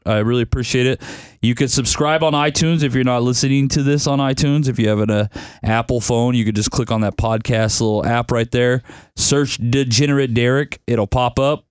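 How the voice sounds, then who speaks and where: A man's voice: medium pitch, a little fast, clear, resonant tone, dry recording. A young man hosting a casual sports-betting podcast, laid-back and grumbling that he is tired. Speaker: podcast host picking football bets.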